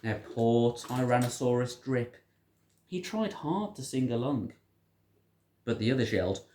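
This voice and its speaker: A storyteller reading a picture book aloud to a child in an animated, sing-song way. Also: mid-range voice, a little slow, pauses often. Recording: roomy echo.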